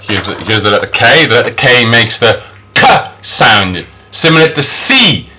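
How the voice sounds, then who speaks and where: Teaching English phonics, a man speaks unhurriedly with big pitch swings and a bright, forceful tone. He sounds out each sound and says the example words several times, his pitch leaping up on the model words.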